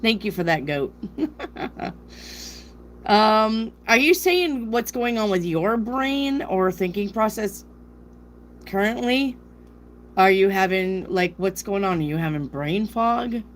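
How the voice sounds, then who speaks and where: This South Dakota woman, a tarot reader with a northern US accent, has a mid-range voice with lively intonation, a slow pace, and long pauses. Over slight background noise, she chats and rambles on a live stream, reading viewers' questions aloud.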